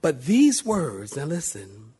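A middle-aged man, a pastor preaching a sermon, addressing the congregation with questions and calls for amen, swinging from loud emphasis to quiet intimacy. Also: on the high side, wildly swooping pitch, takes it slowly, breathy edge.

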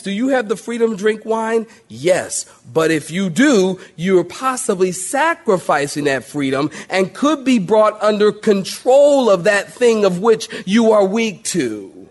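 A man preaches a sermon in a high voice. His pitch rises and falls a lot. He calls out to the congregation for amens, with loud exclamations and hushed asides. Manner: calls for amens and acts out skits. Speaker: pastor.

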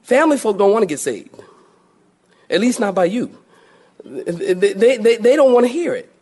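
A middle-aged man from Philadelphia preaches a sermon. His voice sits a little high for a man. He tells stories and acts out little voiced exchanges as he goes. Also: normal speed, husky. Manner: storytelling with lively voiced asides and laughs. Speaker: pastor.

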